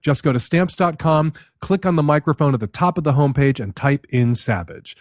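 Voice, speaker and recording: A man with a somewhat high voice hosts the show, brisk and emphatic. His sound is dry and close to the mic, and he presses his points with skeptical questions. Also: darkish tone, no room sound. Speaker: host. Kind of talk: host read ad and advice commentary.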